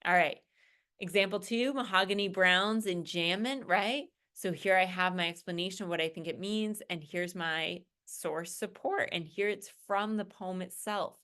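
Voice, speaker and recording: A woman with a fairly low voice gives a recorded college English lecture over shared slides. She explains the assignment in a relaxed, conversational way and keeps checking in with "right?" and "okay?". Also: normal speed, smooth.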